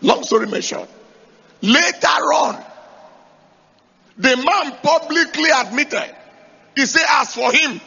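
Gravelly, high-pitched male preacher. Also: lively intonation, slow pace, long pauses, lo-fi sound. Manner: emphatic, rising to shouts to drive points home; asks the congregation rhetorical questions. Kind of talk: sermon.

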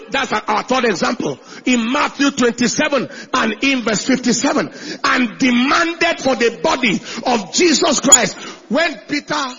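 High, raspy, emphatic male pastor. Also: dull audio. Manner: emphatic, swings between shouting and hushed asides. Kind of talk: sermon.

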